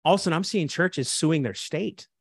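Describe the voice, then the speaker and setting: A man's voice: a little high, fairly quick, gravelly, husky, no echo, clean studio sound. A man who is an assistant pastor, speaking fervently and preachily in an interview, often restarting his sentences. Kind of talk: impassioned interview talk.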